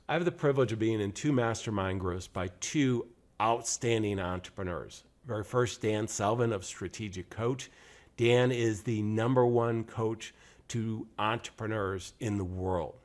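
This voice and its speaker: A man in his sixties from upstate New York, hosting a podcast and telling an earnest story with pauses and emphasis. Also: lowish voice. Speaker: podcast host. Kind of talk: scripted-sounding monologue introducing a show.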